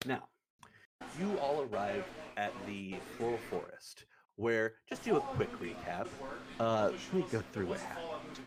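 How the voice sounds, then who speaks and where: A man's voice: on the low side, sing-song, unhurried, a crowd in the background. A young man running a tabletop game, recapping the session in a casual, rambling, profane way. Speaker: game master. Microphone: streaming setup.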